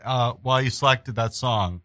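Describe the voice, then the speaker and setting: A man hosts a community radio interview and reads station announcements. His voice is bright, and he talks in a relaxed, halting way with many ums and restarts. The sound is dry and close. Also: medium pitch, no room sound. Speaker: radio show host.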